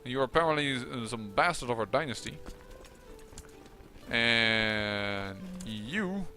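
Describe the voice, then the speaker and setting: A man's voice: medium pitch, expressive, takes it slowly, pushed and bright, soft background music. A man giving casual, musing commentary on a strategy game, with occasional exasperated outbursts. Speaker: let's play commentator.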